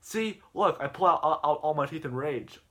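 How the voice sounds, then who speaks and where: A man's voice: on the high side, animated, normal speed, a bit bright, voice pushed up. A man voicing a boastful middle-aged guy who rambles through jokes about his wife. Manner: brash, rambling punchlines.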